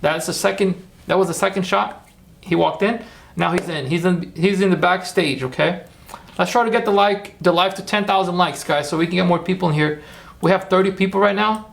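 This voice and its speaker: A man's voice: high-pitched, fairly even intonation, brisk, creaky, a little hiss or hum. A man hosting a casual livestream, chatty and rambling as he talks viewers through his steps and cheers them on. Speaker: livestream host.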